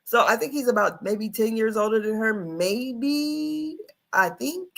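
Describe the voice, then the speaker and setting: Chatty middle-aged woman with a gravelly edge. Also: fairly high pitch, measured pace, a bit bright. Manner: chatty, folksy, calls the audience honey. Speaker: livestream host. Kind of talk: casual livestream commentary.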